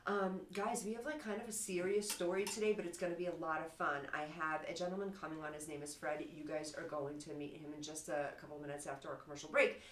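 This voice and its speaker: A woman's voice: low-pitched, steady tone, fast, few pauses, echoey room, a little hiss or hum. A woman from New York with a slight New York accent, hosting a casual talk show in a bubbly, chatty way. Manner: bubbly, chatty, laughs often.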